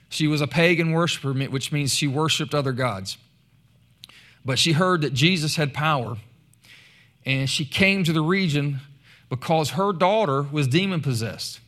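Animated man preaching. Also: fairly high pitch. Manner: animated, rising to loud emphasis when reading scripture. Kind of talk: sermon.

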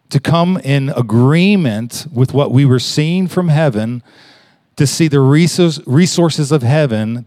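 A man preaching in a conversational way, telling a story with halting restarts and rising emphasis. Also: medium pitch, a little mellow, dry recording. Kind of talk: conversational sermon.

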